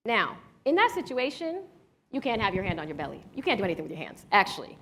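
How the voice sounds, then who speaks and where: A woman from Washington, D.C. leading a live workshop, telling a personal story and guiding the audience through breathing exercises in a lively, chatty way. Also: mid-range voice, quick pace. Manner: guides breathing exercises step by step. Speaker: workshop leader.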